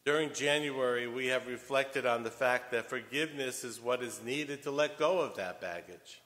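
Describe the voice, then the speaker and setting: Man, sermon, slow deliberate storytelling, bright forceful voice, long church reverb. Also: mid-range voice. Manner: storytelling, deliberate, with wide swings in loudness. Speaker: homilist.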